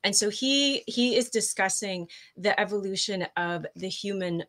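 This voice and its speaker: A woman's voice: mid-range voice, measured pace, a bit bright. A woman guest coach explaining ideas in a casual interview, tripping over her words and laughing at herself.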